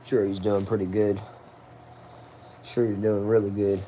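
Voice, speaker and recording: A man's voice: lowish voice, level tone, measured pace, mellow, a little hiss or hum. A man from the United States hosting a casual live stream, tired and sleepy, chatting loosely and greeting viewers by name as he reads their comments.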